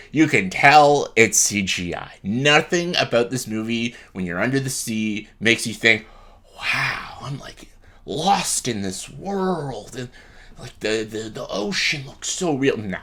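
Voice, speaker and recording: A man's voice: on the low side, pushed and bright. A man giving a casual, blunt movie review, sarcastic and laughing often, with plenty of ums and uhs. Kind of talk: casual film review rant.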